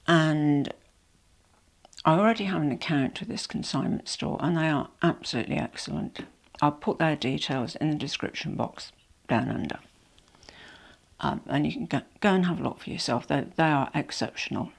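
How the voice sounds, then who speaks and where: A woman's voice: sits low, moderate pace, creaky. A woman with a cold and a nasal voice, a bit out of breath, chatting and rambling apologetically to camera at home. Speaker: vlogger. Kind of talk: casual unboxing chat. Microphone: small microphone.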